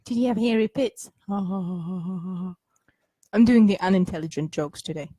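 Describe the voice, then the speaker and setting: A woman chatting as a podcast co-host, teasing and jokey. Her voice has a slightly husky edge, and the sound is dry and close to the mic. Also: lowish voice, unhurried, mellow, no echo. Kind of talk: casual chat.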